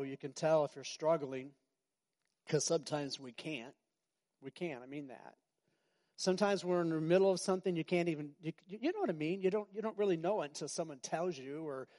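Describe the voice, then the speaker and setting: A man's voice: fairly high pitch, a little mellow. Preaching man, conversational and repetitive. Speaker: pastor. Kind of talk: sermon.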